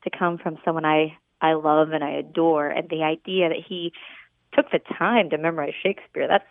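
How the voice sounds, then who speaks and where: Woman, radio caller, warm, gushing, somewhat halting, lowish voice, tinny phone line. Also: steady tone, vocal fry, no echo. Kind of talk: telling a story on a phone call.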